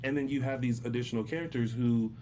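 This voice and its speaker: A man co-hosting a live soap opera recap show, relaxed and agreeable, chatting with callers and co-hosts. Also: medium pitch, fast, dull audio, a little hiss or hum. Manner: relaxed, agreeable, lots of yeahs and mm-hmms. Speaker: co-host. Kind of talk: casual recap chat.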